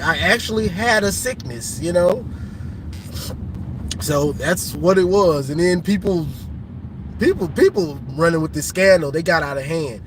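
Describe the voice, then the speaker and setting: A man live-streaming a casual sports rant, teasing rival fans with laughter and drawn-out colloquial talk. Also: on the high side, lively intonation, a little hiss or hum.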